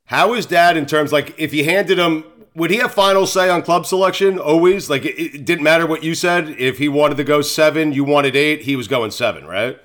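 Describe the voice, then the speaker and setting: A man's voice: on the high side, normal speed, few pauses, a bit bright. A man hosting an interview, an eager listener reacting and asking follow-up questions in casual chat. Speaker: host.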